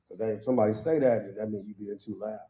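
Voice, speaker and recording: At a worship service in a church hall, a guest speaker talks fast as he gives a humorous testimony, acting out voices and laughing along with his own punchlines. He's animated, and his quoted voices jump suddenly high in pitch. The hall sounds roomy and slightly dull.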